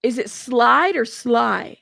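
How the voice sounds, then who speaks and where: Reading trial updates on a live news show, a young woman laughs and adds her own asides. She speaks slowly in a slightly high, bright, pushed voice with vocal fry and lively intonation, captured dry and clean in a studio.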